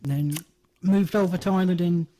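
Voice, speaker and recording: A young man in his twenties with a south London English accent, chatting as a guest on an internet radio show. He has a high voice and a laid-back, dry delivery. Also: steady tone, moderate pace, mellow. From England. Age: 20s. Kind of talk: casual chat.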